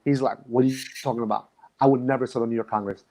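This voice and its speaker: A man's voice: mid-range voice, steady tone, very fast, a little mellow. A man, a dance instructor, recalling his past in a reflective, emotional way and often restarting his sentences. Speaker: guest. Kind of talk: casual conversation.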